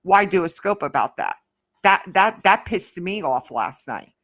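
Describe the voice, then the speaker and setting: A woman livestream host chats casually with her audience, reading their comments aloud as she goes; she rambles, restarts, talks back to the chat, and gets heated and ranty when something annoys her. Her voice is fairly low, very animated, a bit bright, and a little slow.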